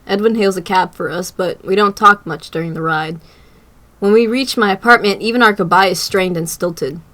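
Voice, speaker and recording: A young woman reading a visual novel aloud as a video creator, with loud, playful outbursts. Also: medium pitch, normal speed.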